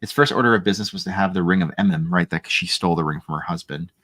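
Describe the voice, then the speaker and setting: A man with a fairly low voice leads a relaxed book club discussion. He reads passages aloud, stumbling and restarting, and stops to comment between them. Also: racing. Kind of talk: casual chat reading aloud from a novel.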